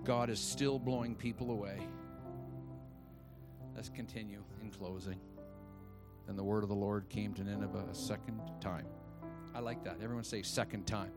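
A man's voice: on the low side, fairly even intonation, normal speed, long pauses, loud music behind the voice. A man preaching a sermon in a church, emphatic and calling on the congregation to repeat after him. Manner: emphatic, calls for congregation response. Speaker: pastor.

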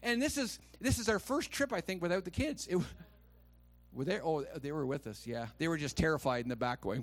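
Animated male pastor preaching. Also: on the high side, a little fast. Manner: swings from hushed asides to loud, rising exclamations; acts out quoted voices when reading scripture. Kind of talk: sermon with storytelling.

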